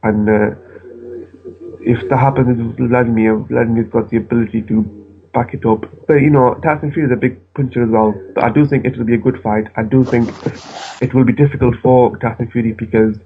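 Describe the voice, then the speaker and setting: A man phones in from home and talks in a halting way, restarting his sentences. His voice has a gravelly edge, and it comes through a tinny phone line with faint noise behind it. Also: medium pitch, steady tone. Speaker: phone-in caller. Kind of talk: casual boxing chat. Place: at home with the television on.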